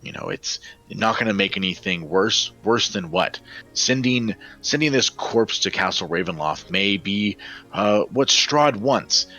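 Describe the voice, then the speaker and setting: A man's voice: fairly low pitch, animated, measured pace, sharp tone, soft background music, exaggerated voice, low-quality recording. A man voicing a scarred, angry male mob ringleader, snarling and bitter.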